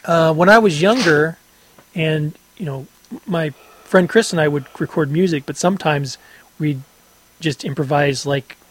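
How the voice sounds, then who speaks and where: A man co-hosting a podcast in casual chat, rambling and halting, often laughing. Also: on the high side, a little hiss or hum, poor audio. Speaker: podcast co-host.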